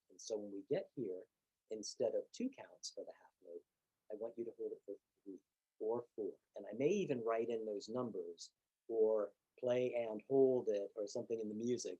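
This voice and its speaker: A man teaching piano, explaining calmly and patiently, step by step. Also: lowish voice, moderate pace, breathy edge, lo-fi sound. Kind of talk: instructional demonstration.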